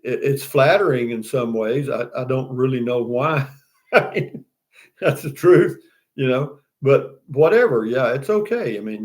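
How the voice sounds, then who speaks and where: An older man with a Texan accent, hosting a casual live stream, reading viewer comments and chatting in a folksy, rambling way. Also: mid-range voice. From Texas. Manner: folksy, rambling, with frequent restarts and "you know what I mean".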